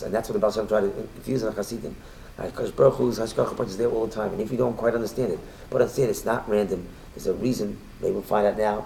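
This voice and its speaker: A man with a low, gravelly voice teaches a Torah class in a fast, conversational flow. He often stumbles and repeats himself, then jumps up in volume when he acts out a quote. Faint noise sits underneath. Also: low-quality recording. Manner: talks in quick bursts, repeats and restarts, rises loudly when quoting. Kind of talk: casual Torah lesson with storytelling.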